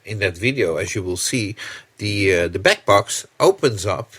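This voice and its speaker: A man co-hosting a casual podcast, halting and joking, with many fillers, Dutch his first language. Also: fairly low pitch, animated, fairly bright tone, husky. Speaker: podcast co-host, magazine editor.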